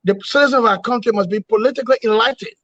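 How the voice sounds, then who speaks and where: Emphatic man, high voice. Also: rapid-fire, fairly bright tone, dry recording. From Liberia. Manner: emphatic, repetitive oratory with rhetorical questions. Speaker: opposition movement leader, guest. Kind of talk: political interview. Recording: dull, dry lo-fi sound.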